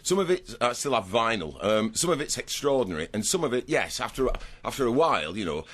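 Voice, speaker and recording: A man's voice: mid-range voice, big pitch swings, a little fast, fairly bright tone, dry recording. A man being interviewed in a radio studio, chatting in a rambling, wry and self-deprecating way. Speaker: guest.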